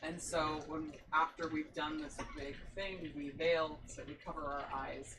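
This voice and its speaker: A low-pitched woman, a podcast guest, tells her story with eager enthusiasm and keeps breaking into laughter. She sits some distance from the mic, and a clear layer of background noise runs under her voice. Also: little pitch movement, a little slow. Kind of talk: casual podcast chat.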